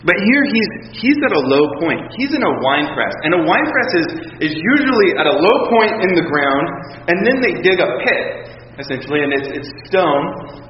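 A man delivers a conversational sermon, slipping into quoted voices as he tells a story and often stopping to restart his sentences. His voice sits a little high for a man. The sound is dull and lo-fi, with a long hall reverb around it. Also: sing-song, normal speed, slight background noise. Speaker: preacher.

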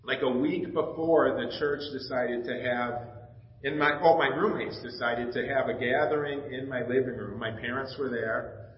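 A middle-aged pastor giving a personal testimony in a sermon, telling stories and acting out the dialogue with emotion. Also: male voice, mid-range voice, steady tone, normal speed. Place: church sanctuary. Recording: echoey, slightly dull church recording.

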